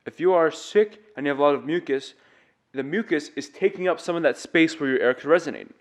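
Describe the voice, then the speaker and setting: A man's voice: fairly high pitch, brisk. Man giving a casual vocal lesson. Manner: earnest, demonstrative, explains step by step. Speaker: singing teacher.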